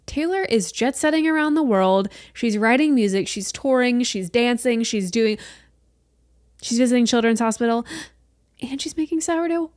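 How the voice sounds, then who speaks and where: A woman in her late twenties hosting a solo podcast, chatting in an animated way and swearing casually. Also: a little high, normal speed, dry recording, clean studio sound. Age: late 20s. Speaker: podcast host.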